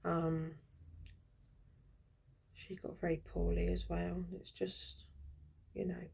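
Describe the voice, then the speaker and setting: A woman in her fifties rambles through old memories as she works on her crochet. Her low voice is gravelly and husky, with a dark, mellow tone. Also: flat delivery, takes it slowly. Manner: chatty, rambling, reminiscing. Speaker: crafter vlogger. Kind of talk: casual chat while crocheting.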